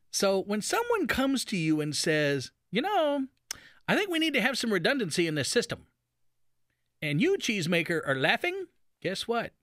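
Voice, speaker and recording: Lively, bright-voiced radio host. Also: male voice, high voice, dry recording, clean studio sound. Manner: folksy and sarcastic, acts out silly voices. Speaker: radio talk show host. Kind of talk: animated radio commentary.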